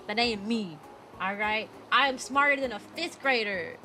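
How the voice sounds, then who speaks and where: A woman's voice: on the high side, normal speed, pushed and bright, faint music behind. A young woman streaming casually as a VTuber, talking energetically and playfully and breaking into silly voices and barks. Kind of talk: casual livestream chat.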